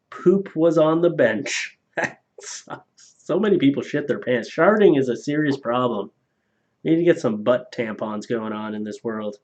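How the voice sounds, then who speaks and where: Male streamer reading donations, casual and crude, mid-pitched, slightly muffled stream audio. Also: a little mellow. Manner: loose and profane, laughing at his own jokes. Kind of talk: casual live-stream chat.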